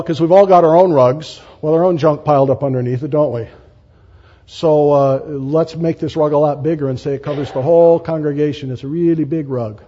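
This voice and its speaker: A man preaching a sermon as pastor, animated and emphatic, often rising sharply for stress and repeating key phrases. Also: mid-range voice, husky, lo-fi sound. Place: church sanctuary.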